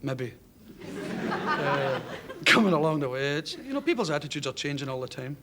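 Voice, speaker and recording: Lively Glaswegian comedian in his thirties. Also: on the high side, normal speed. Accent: Glaswegian Scottish. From Scotland. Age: 30s. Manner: animated, laughs through his own stories. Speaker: comedian guest. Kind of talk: anecdotal chat show storytelling. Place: television studio with audience. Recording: noisy 1970s television audio.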